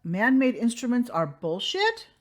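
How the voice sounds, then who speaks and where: Slow, sarcastic woman commentator. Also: fairly high pitch, wildly swooping pitch. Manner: sarcastic, exasperated, deliberate. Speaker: commentary channel host.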